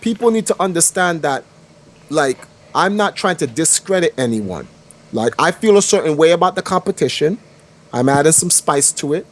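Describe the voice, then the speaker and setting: A man's voice: fairly high pitch, animated, normal speed. A man co-hosting a heated casual panel chat. He rambles, repeats himself and slips into mock-medieval phrasing. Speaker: podcast co-host.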